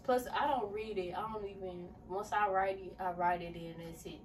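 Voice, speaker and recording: A woman's voice: medium pitch, fairly even intonation, moderate pace. A young woman, talking casually in a vlog in a rambling way with many fillers. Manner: rambling, filler-heavy, addresses viewers as y'all. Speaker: vlogger. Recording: distant mic with faint background hiss.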